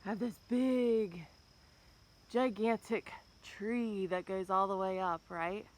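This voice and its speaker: A woman's voice: medium pitch, takes it slowly. A woman vlogging outdoors by her chicken pen near the woods, talking casually and angrily with some swearing, filmed on a handheld phone. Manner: angry and upset, swears, keeps saying "bam". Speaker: farm vlogger. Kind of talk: casual walk-and-talk vlog.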